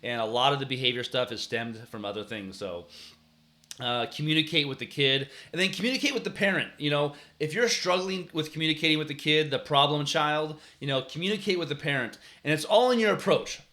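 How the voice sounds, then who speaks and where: A man hosting a casual advice talk for coaches and parents, telling stories earnestly, often restarting his sentences, and acting out the way he yelled at players. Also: fairly high pitch, expressive, brisk. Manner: earnest storytelling, frequent restarts, acts out yelling at players. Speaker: youth sports coach and show host.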